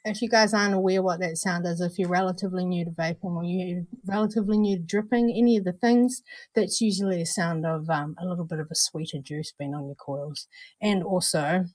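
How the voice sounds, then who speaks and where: Chatty NZ woman host, lowish voice, dry close sound, bubbly and familiar with viewers. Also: steady tone, a little fast, darkish tone, no echo. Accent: New Zealand. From New Zealand. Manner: chatty, bubbly, calls viewers darling and honey. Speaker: vape show co-host. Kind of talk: casual livestream chat.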